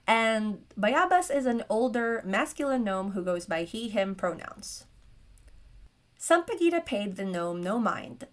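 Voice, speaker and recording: A woman narrating a solo tabletop game as game master, with chatty, self-aware asides. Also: medium pitch.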